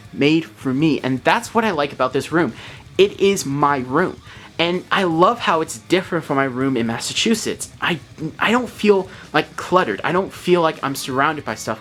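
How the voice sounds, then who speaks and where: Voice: medium pitch, a bit bright. An artist giving a casual tour of a home art studio, talking in an earnest, upbeat way and often repeating themselves. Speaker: artist vlogger. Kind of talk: casual room-tour vlog.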